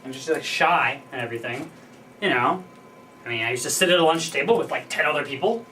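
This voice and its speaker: A man's voice: fairly high pitch, animated, a little fast, pushed and bright. A young man muses to the camera, wandering through his thoughts with lots of ums and false starts. His voice sits a little back from the microphone, with a faint hiss of background noise behind it. The delivery is casual and unscripted. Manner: rambling, thinking aloud with many fillers and restarts. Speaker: vlogger. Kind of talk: unscripted personal monologue. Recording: voice a bit distant from the mic, faint background noise.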